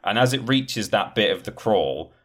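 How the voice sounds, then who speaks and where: A man's voice: on the low side, expressive, moderate pace, fairly bright tone. A man in casual podcast chat, rambling with many fillers and acting out quoted lines. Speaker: podcast guest discussing game trailers.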